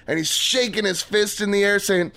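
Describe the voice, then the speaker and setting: A man playing a clueless comic, rambling and eager, high voice, gravelly fry. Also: fairly even intonation, normal speed, pushed and bright. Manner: rambling, eager, laughs at his own jokes. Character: clueless hack stand-up comic, young man. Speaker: guest comic. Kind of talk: comedy sketch acting. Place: radio studio.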